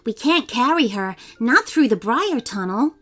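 Woman voicing an earnest young farm boy, reassuring, lively tone. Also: fairly high pitch, a little slow, voice pushed up. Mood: eager.

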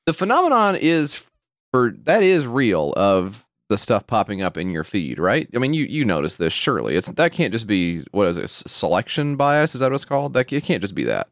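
A man co-hosting a podcast, chatting casually and profanely and jumping into high mock voices. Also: very animated, a little fast, few pauses, no room sound, clean studio sound. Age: adult with a wife and kid. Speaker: podcast co-host. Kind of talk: casual comedic chat.

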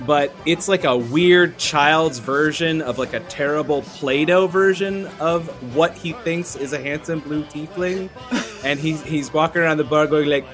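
A man's voice: on the high side, measured pace, fairly bright tone. Amused man player, faint music behind. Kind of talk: casual tabletop play.

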